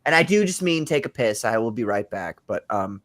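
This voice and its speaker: A man's voice: medium pitch, very animated, fairly quick, fairly bright tone. A man hosting a casual livestream, chatting loosely with co-hosts and reading out comments from the chat. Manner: loose, profane, reads chat comments aloud. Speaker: podcast host. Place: home streaming setup.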